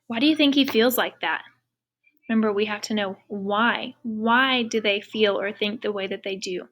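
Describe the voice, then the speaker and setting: A woman's voice: medium pitch, moderate pace, a bit bright. A woman teacher reading a picture book aloud to young students, patient and asking many questions.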